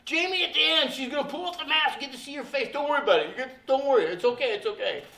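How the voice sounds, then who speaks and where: A man imitating a bubbly, gushing young woman wardrobe assistant in a high, excited voice. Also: racing, vocal fry, heavily acted. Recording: roomy hall sound from a distance.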